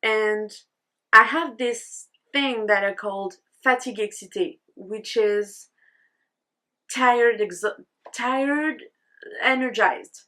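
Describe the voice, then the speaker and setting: A woman's voice: fairly high pitch, takes it slowly, bright, forceful tone. A young woman with a French accent, a native French speaker, chatting casually in a vlog, rambling and laughing at herself, a little tired. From France. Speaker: knitting vlogger.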